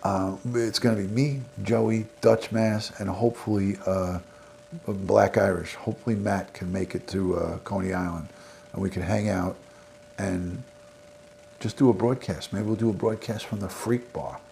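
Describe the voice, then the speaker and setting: Under a faint hiss, a middle-aged man with a low, gravelly voice and a New York accent, though from the American South, wraps up his livestream at a normal speed. His intonation stays fairly even as he rambles loosely through friendly shout-outs and thanks to chat viewers in this casual sign-off.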